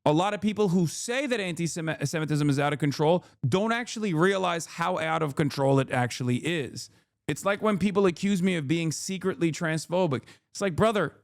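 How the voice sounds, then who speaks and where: A man's voice: high voice, gravelly, no room sound, clean studio sound. A man in his thirties hosting a stream, commenting on a clip in a heated, emphatic way and swearing often. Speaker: streamer host reacting to a clip.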